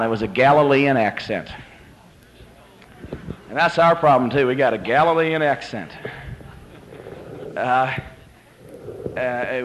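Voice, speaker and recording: A man's voice: fairly high pitch, a bit bright, low-quality recording. A man preaching a sermon, telling a Bible story dramatically and rising to emphatic peaks.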